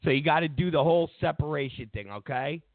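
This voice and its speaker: A man's voice: a little high, lively intonation, fast, no room sound. A man voicing a brusque female politician who gives impatient orders, without much change from his own voice. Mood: bossy. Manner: bossy, impatient. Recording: tinny phone-like line, dry.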